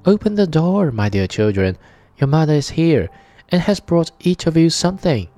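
A man's voice: on the high side, sing-song, normal speed, mellow, no room sound, soft background music, pitched above the performer's own voice. A man voicing a cunning, hungry male wolf who coaxes and threatens, reading a fairy tale aloud. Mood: coaxing.

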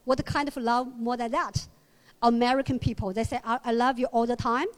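A Chinese-accented woman with a fairly high voice runs through an English stand-up set, voicing the people in her stories. Her punchlines land flat and dry. Laughs break up her delivery. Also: fairly quick, long reverb tail. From China. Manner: deadpan punchlines with quoted dialogue, frequent laughs. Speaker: guest comedian.

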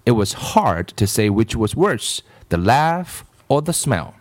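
A man reading a children's story aloud, slow and expressive. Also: mid-range voice, no echo, studio quality.

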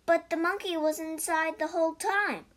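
A woman's voice: very high-pitched, fairly even intonation, moderate pace, pitched above the performer's own voice. A woman voicing a cautious, worried male priest in a storybook reading. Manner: worried, reasoning.

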